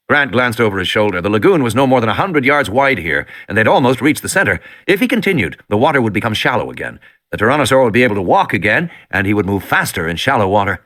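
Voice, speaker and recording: A man's voice: fairly low pitch, big pitch swings, fast talker, fairly bright tone. A man reading an audiobook with dramatic, tension-building storytelling. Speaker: audiobook narrator. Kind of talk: scripted narration.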